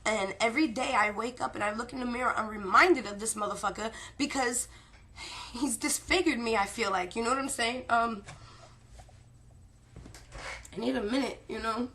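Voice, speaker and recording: A woman vlogger speaking to her viewers, talkative and emotional, repeating herself for emphasis, loud at times and soft and tired at others. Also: on the high side, brisk. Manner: swings between loud insistence and soft tired murmurs. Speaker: spirit-communication vlogger. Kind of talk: emotional personal storytelling to camera.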